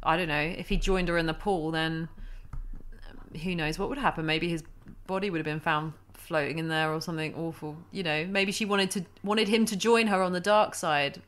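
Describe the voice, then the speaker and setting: A woman's voice: fairly low pitch, steady tone, normal speed. A woman hosting a paranormal podcast, chatting casually with her co-producer, laughing often and thinking aloud. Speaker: podcast host. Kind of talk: casual chat.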